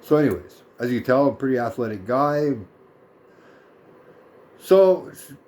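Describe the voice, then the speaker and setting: A man's voice: medium pitch, quick pace, a little mellow. Brief: man, 30s, casual vlog rant, sarcastic, cusses a lot. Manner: blunt, profane, sarcastic. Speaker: vlogger. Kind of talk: casual ranting story.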